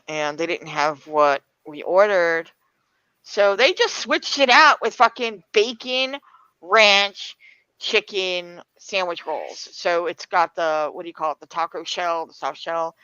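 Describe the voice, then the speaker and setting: A woman's voice: on the low side, measured pace, sharp tone, smooth, dry recording. A woman chatting casually on a stream and swearing freely as she tells stories. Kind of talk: casual chat. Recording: dry, lo-fi stream audio.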